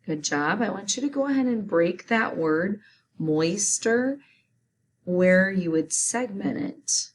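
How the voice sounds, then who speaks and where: A woman's voice: mid-range voice, expressive, takes it slowly, slight background noise. A woman teaching a spelling lesson, carefully sounding out words letter by letter and syllable by syllable.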